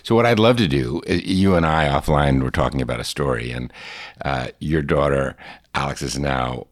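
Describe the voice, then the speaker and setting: A man hosting an interview, asking halting, reflective questions with many restarts. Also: a bass voice, dry recording, studio quality. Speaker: host.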